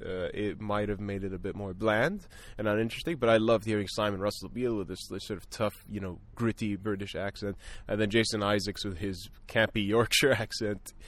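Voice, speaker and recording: A man with a lowish voice talks films in a relaxed, unscripted way. He pauses often, restarting sentences with plenty of fillers as he thinks aloud. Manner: thoughtful, many fillers and restarts. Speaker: film podcast guest. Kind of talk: casual film discussion.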